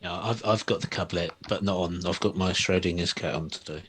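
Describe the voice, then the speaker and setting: A man's voice: low voice, steady tone, brisk, a bit bright, husky. A man hosting a casual chat and relaying viewer questions in an easygoing way. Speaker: host.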